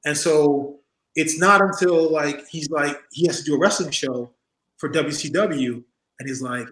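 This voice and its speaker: This time the forties-aged ex-wrestler speaks a little slowly, his voice a touch high, while telling animated stories in a casual interview. He laughs often and does other people's voices. The recording is rough and reverberant.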